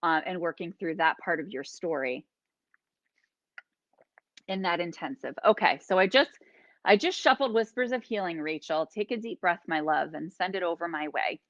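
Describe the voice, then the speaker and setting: A woman hosting a live-streamed oracle card reading, gently encouraging and guiding listeners through slow breathing. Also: fairly low pitch, lively intonation, no echo, lo-fi sound. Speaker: host and healer.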